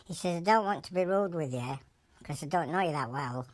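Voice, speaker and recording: A low-voiced Yorkshire creature, played by a woman, rambles through jokes in broad dialect with a straight face. The voice sits deep for a woman. It is recorded dry and close. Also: fairly quick, no echo. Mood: deadpan. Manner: deadpan, rambling joke-telling in broad dialect. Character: a blunt animal telling deadpan jokes.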